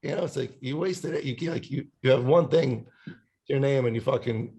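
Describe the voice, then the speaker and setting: Rambling, cursing male musician with gravelly voice. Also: mid-range voice, brisk, dark tone. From Italian family background. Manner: rambling, swears a lot, sings snippets. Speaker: podcast guest musician. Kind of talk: casual chat.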